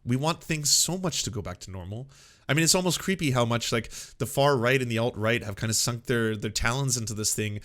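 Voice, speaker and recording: A young man hosting a political commentary show, animated and sarcastic, slipping into mocking voices of the people he quotes. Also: medium pitch, fairly quick. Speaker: host.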